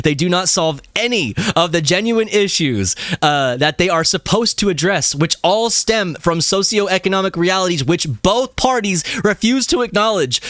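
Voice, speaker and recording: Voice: mid-range voice, a bit bright, no room sound, studio quality. A young adult streamer in a casual live-stream rant, heated and profane, breaking into laughs.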